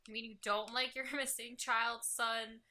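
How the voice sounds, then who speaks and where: Female podcast co-host, bright sharp voice, sarcastic teasing asides. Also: a little high, flat delivery, a little slow. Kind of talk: casual gaming podcast chat.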